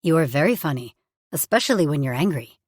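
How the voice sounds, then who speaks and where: A woman voicing a big male alien warrior in an audiobook, low, growly and teasing. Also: animated, fast, slightly rough, no echo, clean studio sound. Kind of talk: audiobook character voice.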